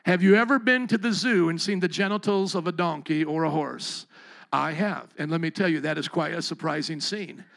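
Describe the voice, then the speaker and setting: A man preaching a sermon to his congregation, animated and joking, now and then acting out other voices. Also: a little high, normal speed, creaky. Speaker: pastor.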